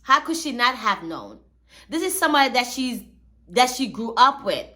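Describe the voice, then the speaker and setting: A woman's voice: a little high, big pitch swings, moderate pace, pushed and bright. A woman hosting a commentary channel, talking in a chatty, slangy storytelling way. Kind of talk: casual commentary.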